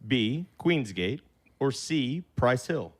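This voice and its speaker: A man's voice: medium pitch, sing-song, slow pace. Man reading out quiz questions. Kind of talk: reading trivia questions aloud.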